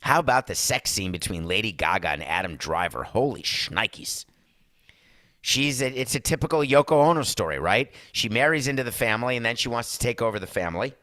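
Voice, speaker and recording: Man, podcast host, sarcastic, rambling, bright forceful voice, dry close sound. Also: mid-range voice, animated, brisk, no echo. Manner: sarcastic, rambling asides to a producer; mock Italian accent in one brief bit. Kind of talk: opinionated sports and culture talk.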